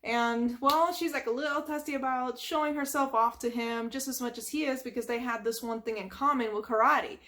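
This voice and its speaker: Chatty woman retelling a cartoon, says like a lot, kinda high voice. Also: fairly even intonation, fairly quick, hardly any pauses, bright, forceful tone. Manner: chatty, lots of "like" and sound effects. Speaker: storyteller. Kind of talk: casual retelling of a cartoon from memory.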